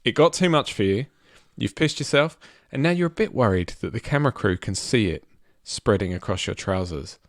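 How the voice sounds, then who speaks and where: A man's voice: fairly low pitch, animated, moderate pace, few pauses, no room sound, studio quality. A man co-hosting a podcast, laughing often and directing his co-hosts through a silly game. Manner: giggly, bossy, sets up games. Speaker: podcast co-host. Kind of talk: casual comedy chat.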